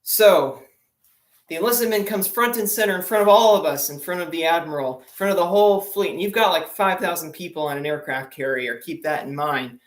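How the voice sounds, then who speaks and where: A man's voice: on the high side, moderate pace, a bit bright, reverberant. A man doing stand-up on a live stream, telling long Navy jokes in a chatty, self-deprecating way and laughing at his own punchlines. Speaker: stand-up comedian.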